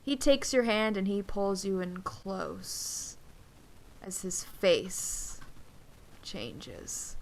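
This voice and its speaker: Slow, deliberate woman game master. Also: medium pitch, a little mellow, a little hiss or hum. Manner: slow, deliberate storytelling with dramatic pauses. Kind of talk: narrating a tabletop game.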